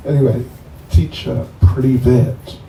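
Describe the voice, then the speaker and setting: Man in a relaxed, joking talk to a crowd of devotees: deep, dark tone, slow delivery, sounds distant and echoey with faint background noise. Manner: joking, chatty, slow and rambling. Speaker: swami introducing a guest. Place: bonfire gathering.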